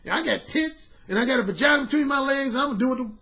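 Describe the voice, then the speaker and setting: A man's voice: extremely high pitch, animated, very fast, creaky, bright, forceful tone, heavily acted. A man voicing a headstrong young woman who is at times defiant and at times hesitant.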